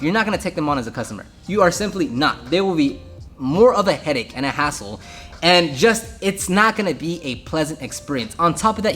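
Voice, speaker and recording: A young man, a detailing business owner, giving casual advice and telling stories about customers, acting out their lines with lots of restarts. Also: high-pitched. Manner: animated storytelling, acts out customers, frequent restarts.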